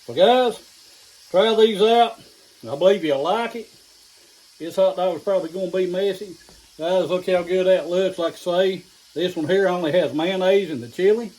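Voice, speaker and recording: The host of a home cooking channel, a middle-aged man with an East Tennessee accent, chats in a folksy, down-home way from his kitchen, occasionally talking through a mouthful while a skillet sizzles. His voice sits high and a little mellow at normal speed, captured on a rough recording.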